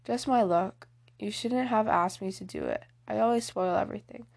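A woman's voice: mid-range voice, moderate pace, creaky, a little mellow. A woman reading the lines of a tomboyish, clumsy teenage girl in an audiobook, blunt and rueful.

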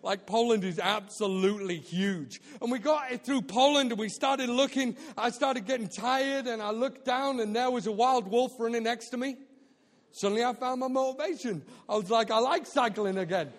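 High-voiced animated man preaching in a hall. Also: moderate pace. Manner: animated, jokey, acts out quotes. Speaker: guest speaker at a church. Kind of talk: storytelling sermon. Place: church auditorium. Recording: live church hall with long reverb.

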